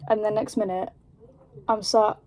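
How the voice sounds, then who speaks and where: A woman's voice: medium pitch, normal speed. Chatty British young woman telling a story. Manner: rambling, animated storytelling full of fillers. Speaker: vlogger. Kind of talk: casual storytime chat.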